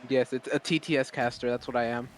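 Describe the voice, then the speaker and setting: A man's voice: mid-range voice, steady tone, quick pace, slight background noise. A man with a pleasant, announcer-like radio voice, chatting casually with teammates during a game. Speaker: streaming teammate. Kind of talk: casual gaming chat.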